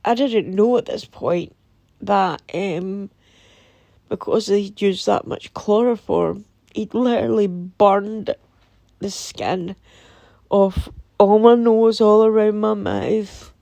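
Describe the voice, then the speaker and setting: A Scottish woman telling a painful personal story in a halting, somber way, with many pauses and restarts. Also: mid-range voice, creaky, mellow, dry recording. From Scotland. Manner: somber and emotional. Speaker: vlogger. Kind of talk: personal testimony.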